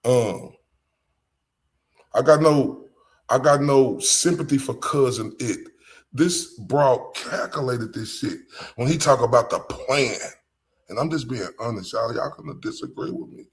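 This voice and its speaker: A man's voice: mid-range voice, slow, pauses often. A man with a Southern US accent hosting a live stream, talking bluntly and with profanity straight to his chat. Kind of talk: casual live-stream commentary.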